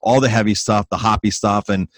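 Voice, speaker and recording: A man's voice: lowish voice, steady tone, fairly quick, dry recording. A man hosting an interview podcast, talking casually and enthusiastically, often repeating his words. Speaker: podcast host and restaurant owner.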